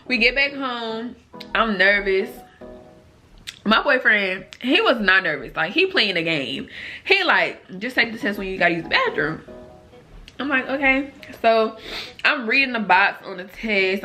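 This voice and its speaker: A woman in her twenties telling a personal story to her viewers in a chatty, animated way, full of asides. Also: mid-range voice. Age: 20s. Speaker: vlogger. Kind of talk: casual storytime.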